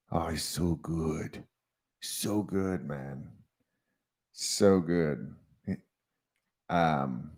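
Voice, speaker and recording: A man's voice: low voice, mellow. A man hosting a casual livestream, rambling and chatty and often laughing as he talks. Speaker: livestream host.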